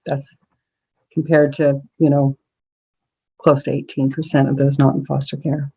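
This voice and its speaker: A presenter at an advisory council meeting, explaining survey data slide by slide in a measured way with frequent ums and small restarts. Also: mid-range voice, level tone, dark tone, breathy edge, low-quality recording.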